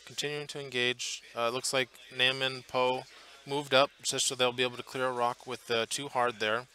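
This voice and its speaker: A man's voice: medium pitch, flat delivery, normal speed, pushed and bright. A man commentating live on a tabletop tournament match, chatty and thinking aloud with fillers and restarts, from a booth at the event. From Portland area, US.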